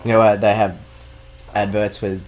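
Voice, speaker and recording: A man's voice: fairly low pitch, little pitch movement, normal speed. A man co-hosting a gaming podcast, talking bluntly and swearing in casual banter. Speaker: podcast co-host. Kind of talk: casual chat.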